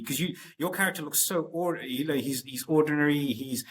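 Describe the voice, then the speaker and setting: A man's voice: mid-range voice, fast, few pauses, fairly bright tone. A man hosting a casual interview, gushing with fan enthusiasm about favorite scenes. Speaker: interview host.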